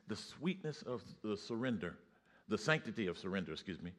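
Deep-voiced preacher telling stories. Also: male voice, animated, fairly quick, pauses often. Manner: storytelling, rising to loud exclamations. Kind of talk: sermon.

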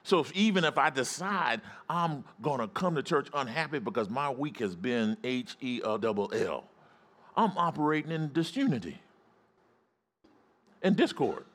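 A man preaching a sermon as pastor in a church, calling out to the congregation and rising into excited shouts. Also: medium pitch, normal speed. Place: church sanctuary.

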